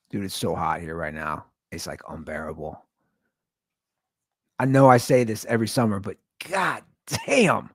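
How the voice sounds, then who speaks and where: A man's voice: fairly low pitch, wildly swooping pitch, moderate pace, gravelly, slightly rough, no room sound, studio quality. A man hosting his own podcast, rambling and joking about his life in a casual, self-deprecating way and often restarting his words. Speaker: podcast host. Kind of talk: casual solo podcast rant.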